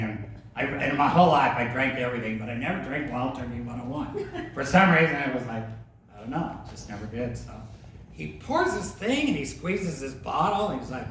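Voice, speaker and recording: A man's voice: mid-range voice, sing-song, normal speed, fairly bright tone. A man telling a laid-back, laughing anecdote about an old golf buddy, swearing freely and heard from far off in an echoey room. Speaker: storyteller remembering a friend. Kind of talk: casual anecdote. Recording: echoey room, mic from far off, ambient noise.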